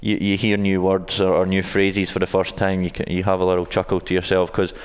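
This guest is a Scottish man in his twenties who coaches college soccer, speaking in a deep, smooth monotone at a brisk pace. The recording has a big-room sound. He answers interview questions casually but hesitantly, with many ums and restarts.

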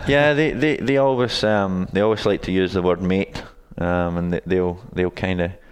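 A man's voice: low-pitched, fairly even intonation, moderate pace, clean tone, long reverb tail. A Scottish man in his twenties answers interview questions in a casual, hesitant way, with many ums and restarts. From Scotland. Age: 20s. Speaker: guest, college soccer coach.

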